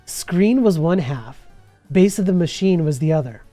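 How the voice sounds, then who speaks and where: A man's voice: a little high, lively intonation, takes it slowly, long pauses, mellow, no room sound, soft background music. A man, chatting casually on a live stream and reading viewer messages, laughing often, his voice a bit worn from hours of talking. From Canada.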